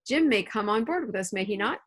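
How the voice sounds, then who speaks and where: A woman voicing a measured, skeptical male country doctor in a dry, even way. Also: mid-range voice, slight background noise, lightly acted.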